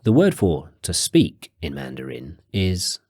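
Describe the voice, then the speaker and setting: Deep-voiced man guiding a language lesson. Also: wildly swooping pitch, darkish tone, dry recording, studio quality. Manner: clear, measured prompts, slows for key phrases. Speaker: language course teacher. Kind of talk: guided audio lesson narration.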